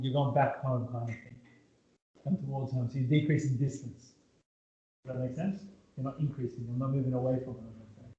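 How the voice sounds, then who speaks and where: The casual maths class is led by a tutor whose voice is a little high and a little mellow, and he keeps checking in with the students. It's recorded in an echoey room with dull, lo-fi sound.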